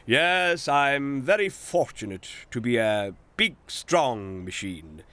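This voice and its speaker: A man's voice: medium pitch, sing-song, slow, bright, forceful tone, full character voice. A man doing a pompous, boastful digger. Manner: pompous, self-important. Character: boastful proud male digger machine. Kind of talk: storybook character voice.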